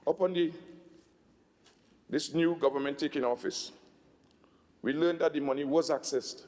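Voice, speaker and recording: A man with a Tobagonian accent giving a budget speech in a legislative assembly, emphatic, slowing down to stress figures. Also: on the high side, darkish tone, big-room sound. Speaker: assembly secretary.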